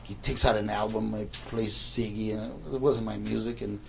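A man's voice: on the low side, level tone, normal speed, gravelly, a little hiss or hum. A man in his sixties casually telling a rambling anecdote, stammering and repeating words as he goes.

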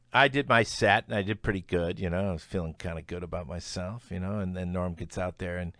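A middle-aged comedian, appearing as a guest in a casual interview, tells animated stories, acting out quotes and laughing mid-sentence. His low voice moves at normal speed, recorded in clean studio sound with no echo.

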